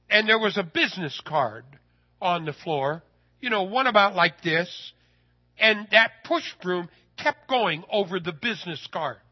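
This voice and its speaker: A man telling a personal story in a sermon, folksy and animated, his voice rising when he gets excited. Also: sits high, dull audio.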